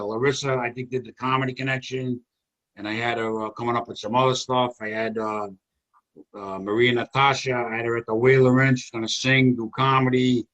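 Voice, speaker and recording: Speaking in a mid-range voice over dull audio, this comedy show host, an Italian-American man in his sixties, leads a chat on a video call. His manner is warm-hearted as he wanders through old memories.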